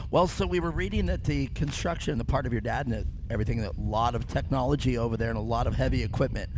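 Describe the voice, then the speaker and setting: A man announcing and interviewing at an outdoor off-road race, excitable and joking on a handheld microphone. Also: fast, background noise. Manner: excitable, joking, high-energy. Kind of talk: live trackside commentary and interviews. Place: outdoor racetrack podium.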